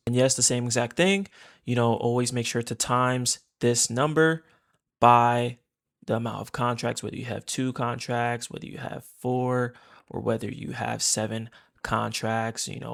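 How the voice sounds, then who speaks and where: Here a man with a gravelly, medium-pitched voice teaches trading over a relaxed screen share. He's talkative, keeps going back over the same points, and calls his audience "guys."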